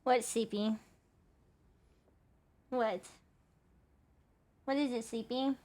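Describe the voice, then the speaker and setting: High-voiced woman streamer, unhurried. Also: fairly even intonation, a little mellow. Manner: chatty, coos baby talk at her cat. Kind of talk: casual live-stream chat.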